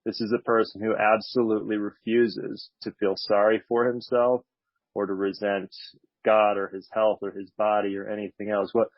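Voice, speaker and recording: A man's voice: lowish voice, flat delivery, normal speed, dry recording. A man giving a candid, reflective talk about his recovery at a support meeting, with a slightly wry manner, on a dull lo-fi recording. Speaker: speaker sharing at a recovery meeting.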